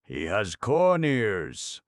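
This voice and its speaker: A man's voice: very deep voice, animated, moderate pace, gravelly, no echo, clean studio sound, full character voice. A man voicing a stern chief scribe who speaks shrilly and harshly.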